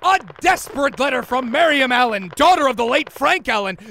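An actor playing an excitable, bumbling sidekick who speaks in grand flowery phrases. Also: male voice, very high-pitched, brisk, gravelly, slight background noise, exaggerated voice. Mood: grandiose.

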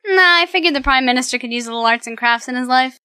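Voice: high voice, quick pace, pushed and bright, smooth, dry recording, clean studio sound. A woman playing a breezy wisecracking crime-fighter. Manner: breezy, joking.

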